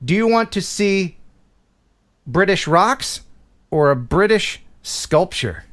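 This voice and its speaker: A man from the United States hosting a casual live-stream chat, animated and laughing often. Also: high voice, slow pace. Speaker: host.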